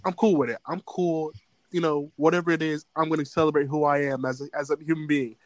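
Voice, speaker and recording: A young man chatting casually and telling animated stories, acting out other people's lines. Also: a little high, fast, crowd noise. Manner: animated storyteller, acts out quotes. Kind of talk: casual chat.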